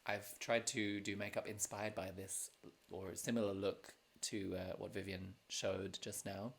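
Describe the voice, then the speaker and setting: Gravelly-voiced drag host joking around. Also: male voice, sits low, little pitch movement, a little slow. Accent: non-American. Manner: self-deprecating, joking, many fillers. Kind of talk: casual livestream hosting. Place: home.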